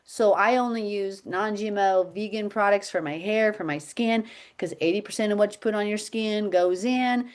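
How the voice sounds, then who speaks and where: A woman's voice: medium pitch, moderate pace, few pauses, smooth. A middle-aged woman teaching health habits on a video call, chatty and telling stories with frequent laughter. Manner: chatty storyteller, laughs often. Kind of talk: casual video-call chat.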